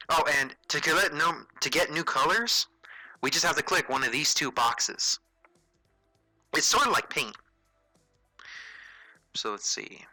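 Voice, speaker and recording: Bright-voiced man casually talking through a drawing. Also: mid-range voice, dry recording, rough recording. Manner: relaxed, chatty, thinks aloud with frequent fillers and self-corrections. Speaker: host of a drawing tutorial livestream. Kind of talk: casual livestream tutorial, narrating while drawing.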